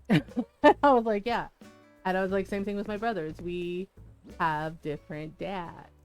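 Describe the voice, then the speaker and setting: Woman streamer, casual chat, frank and swearing, laughs often, mid-pitched, faint music behind. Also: steady tone, a little slow, clean tone. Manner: frank, swears freely, laughs often, retells dialogue animatedly. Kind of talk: casual chat while gaming.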